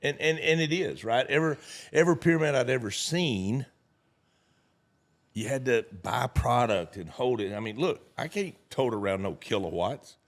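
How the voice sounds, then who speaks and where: A man's voice: mid-range voice, lively intonation, normal speed. A man telling folksy stories in a casual chat and acting out the dialogue. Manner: folksy storyteller, acts out dialogue. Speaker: network marketing leader.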